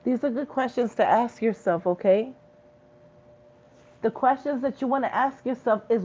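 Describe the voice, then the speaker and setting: A woman's voice: fairly high pitch, moderate pace, pauses often, a little mellow, slightly rough, lo-fi sound. A woman giving a spiritual message in a vlog, talking bluntly with plenty of swearing and street slang. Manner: blunt, profane, slangy preaching. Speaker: spiritual reader.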